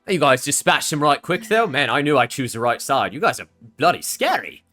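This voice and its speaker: A man's voice: medium pitch, very animated, a little fast, bright, forceful tone, faint music behind, pitched above the performer's own voice. A man voicing a limping, chatty male rogue who has switched sides, with a brash, loose-tongued way of talking. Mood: relieved, friendly.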